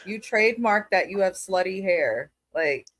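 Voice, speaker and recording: A woman's voice: medium pitch, lively intonation, a little slow, fairly bright tone, dry recording. A woman co-hosting a casual reality-TV recap, giving her frank, matter-of-fact opinions. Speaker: podcast co-host.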